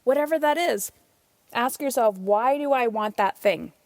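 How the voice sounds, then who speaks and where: A woman hosting her own podcast, talking in an energetic, emphatic way, a little out of breath, swearing casually now and then. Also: on the high side, a little slow, no room sound. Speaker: podcast host and parenting coach. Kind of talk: solo podcast monologue.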